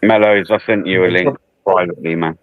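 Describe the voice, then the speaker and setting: A man's voice: deep voice, fairly even intonation, a little fast, dry recording. A man co-hosting a live stream in laid-back, chummy casual chat, heard over a tinny phone-line connection.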